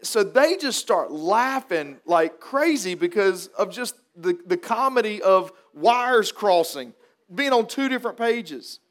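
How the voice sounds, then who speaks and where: Male pastor, high voice, folksy storyteller turned earnest preacher. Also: sing-song, unhurried, fairly bright tone. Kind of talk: funeral sermon with storytelling.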